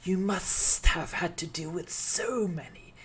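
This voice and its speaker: A woman's voice: lowish voice, slow pace, a crowd in the background. A woman playing a vain, fawning star. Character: vain young female star performer.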